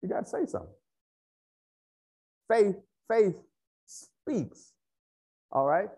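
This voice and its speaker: Male pastor, high voice, animated swings; AAVE; emphatic, repetitive sermon delivery. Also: normal speed, gravelly.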